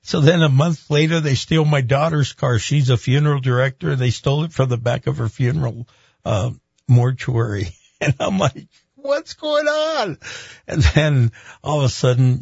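Husky middle-aged pastor telling a story. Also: male voice, mid-range voice, normal speed, dry recording. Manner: lively storyteller who acts out quoted voices. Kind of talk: recounting a personal story in an interview. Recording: dull, dry, slightly muffled recording.

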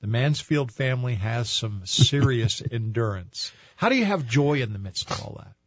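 A man interviewing a pastor, reciting scripture in a measured way before asking an earnest question. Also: mid-range voice, lively intonation, slightly rough, no echo, lo-fi sound.

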